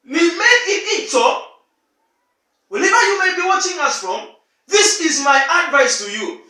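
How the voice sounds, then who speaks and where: A man preaching a sermon, emphatic and repetitive, often shouting his points, recorded in an echoey room away from the mic. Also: very high voice, very animated, normal speed, recorded from a distance.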